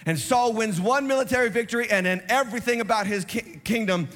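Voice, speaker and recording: A man preaching a sermon as lead pastor, telling Bible stories in an animated, acted-out way. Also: high-pitched, brisk, hardly any pauses. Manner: animated storytelling, acts out Bible scenes. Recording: long reverb of a large church hall.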